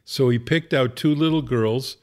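A man's voice: mid-range voice, unhurried, darkish tone. Man telling a funny story. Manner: wry, conversational, laughs at his own story. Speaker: rabbi. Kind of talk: humorous storytelling.

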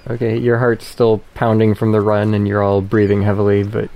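A man narrating a tabletop role-playing game as game master, describing scenes in a measured way. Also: lowish voice, completely flat delivery, warm tone.

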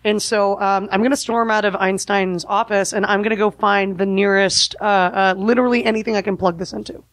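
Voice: mid-range voice, steady tone, a little fast, a bit bright, dry recording. A player in a tabletop game, speaking earnestly and urgently in character. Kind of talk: tabletop role-play.

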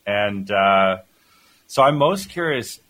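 A man's voice: lowish voice, animated, slow, fairly bright tone, low-quality recording. A man co-hosting a podcast, chatting casually in a playful, rambling way with many restarts. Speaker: co-host. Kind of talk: casual chat.

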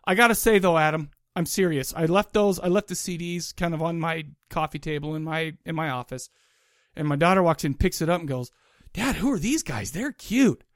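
Podcast co-host, male, higher voice, loose rambling delivery, dry close mic. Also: steady tone, brisk, a bit bright, clear, resonant tone, dry recording. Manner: rambling, self-interrupting. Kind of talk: casual chat.

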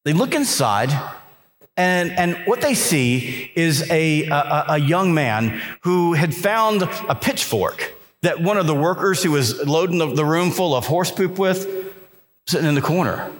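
A man giving an energetic motivational speech to a live audience in a conference hall, telling stories and urging listeners to work hard. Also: fairly high pitch, unhurried. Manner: energetic storytelling with repeated restarts and emphatic exhortations. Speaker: motivational keynote speaker.

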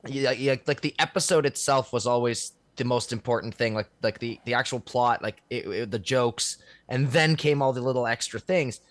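A man's voice: mid-range voice, normal speed, few pauses, no echo. Man, casual chat, rambling, lots of "like", dry sound. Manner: rambling, heavy use of "like", swears.

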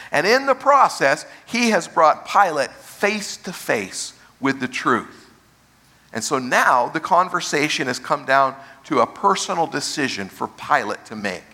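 Pastor, male, preaching a sermon; brightish, somewhat high voice that slows to stress key phrases.

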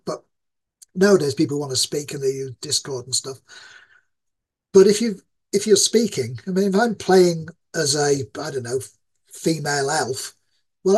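Husky older man, East Yorkshire accent. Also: fairly high pitch. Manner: rambling, self-described ranting with many fillers. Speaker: guest game designer. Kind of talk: casual interview talk.

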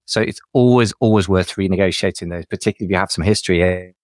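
Male co-host, rapid chatty delivery, very deep register. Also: dry recording, studio quality. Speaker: podcast co-host, business adviser. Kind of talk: casual podcast conversation.

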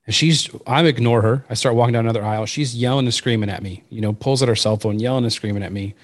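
Man telling an animated story. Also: medium pitch, fast, dry recording. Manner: animated anecdote-telling, acts out quoted voices. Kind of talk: casual chat, storytelling.

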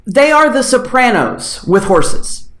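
Animated, sarcastic woman in a roomy echo. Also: a little high, takes it slowly. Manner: animated, sarcastic, profane storytelling. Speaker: podcast host. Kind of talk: casual chat.

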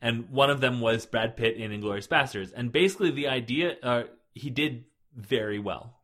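A man's voice: medium pitch, normal speed, a bit bright. A man co-hosting a podcast, chatting casually and rambling with fillers and restarts. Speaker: podcast co-host. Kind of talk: casual chat.

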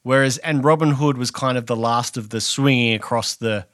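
A man's voice: medium pitch, normal speed, a bit bright, no echo. Rambling man, dry close sound. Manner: rambling, many restarts and fillers. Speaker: podcast co-host. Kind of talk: casual podcast chat.

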